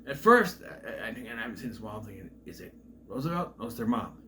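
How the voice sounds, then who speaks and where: A man talks through a film's plot in a casual, rambling way, stopping and restarting as he goes. His voice rises and falls a lot, and his tone is bright and forceful. There is a faint hum of noise behind him. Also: lowish voice, big pitch swings, rapid-fire. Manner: voices characters with loud exaggerated quotes. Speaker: film reviewer. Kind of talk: casual movie plot recap.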